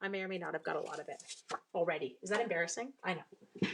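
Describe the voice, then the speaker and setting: A woman's voice: on the low side, fast, vocal fry, a bit bright, a little hiss or hum. A woman chatting bubbly and casual through a live card-making demonstration from her home craft room. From Canada. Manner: chatty and bubbly, greets viewers. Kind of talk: live-stream crafting demo.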